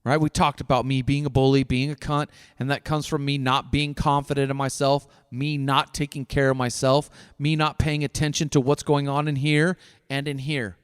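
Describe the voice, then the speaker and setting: A man's voice: medium pitch, little pitch movement, moderate pace, smooth. A middle-aged man hosting his own podcast, delivering a blunt, profane solo rant. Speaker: podcast host. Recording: dry voice with long reverb tail.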